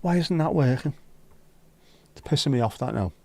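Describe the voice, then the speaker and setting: A man with a Scouse accent chats easily through a live stream, calling out viewers by name and joking about things going wrong. His voice sits at an ordinary middle pitch. The sound is close and dry, with no room around it. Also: lively intonation, normal speed, vocal fry, mellow, no echo. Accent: Liverpool (Scouse). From Liverpool, England. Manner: chatty, greets viewers by name, banters and grumbles at his setup. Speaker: livestream host. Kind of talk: casual live-stream chat.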